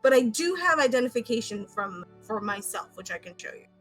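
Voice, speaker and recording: A woman's voice: a little high, very animated, a little fast, soft background music, poor audio. A woman player speaking in character in a tabletop game, polite and a bit hesitant. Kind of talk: in-character tabletop role-play.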